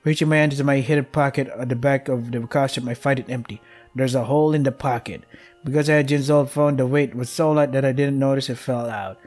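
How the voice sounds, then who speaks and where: A man's voice: medium pitch, fairly even intonation, a little fast, a little mellow, faint music behind. A young man streaming a game, reading its text aloud and breaking off to swear and complain in exasperation, skipping lines with "yada yada".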